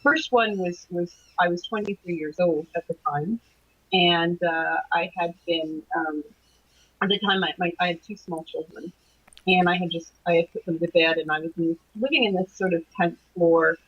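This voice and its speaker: Hesitant woman, husky lo-fi audio. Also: lowish voice, fairly even intonation, moderate pace, fairly bright tone. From Canada. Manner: hesitant, many restarts and fillers. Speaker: guest, anomalies researcher. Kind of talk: recounting a personal experience in an interview. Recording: dull lo-fi call audio.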